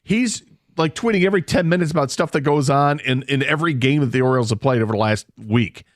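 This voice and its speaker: A man's voice: medium pitch, fast talker, no echo, clean studio sound. A man co-hosting a sports radio show, laying out his case with emphatic, repeated points. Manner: emphatic, builds points with repetition. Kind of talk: sports talk radio banter. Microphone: studio broadcast mic.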